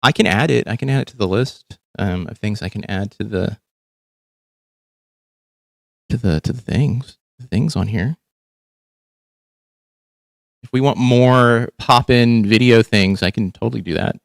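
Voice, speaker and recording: A man's voice: fairly low pitch, normal speed, gravelly, no echo, studio quality. A man hosting a casual reaction livestream, talking bluntly and profanely with lots of restarts. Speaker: livestream host.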